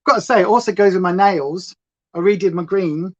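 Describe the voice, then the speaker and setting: A woman's voice: on the low side, a little fast. Chatty woman, slightly lo-fi. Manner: rambling, reads chat aloud, playful. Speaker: makeup livestream host. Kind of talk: chatty livestream makeup tutorial. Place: at home. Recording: slightly dull lo-fi sound.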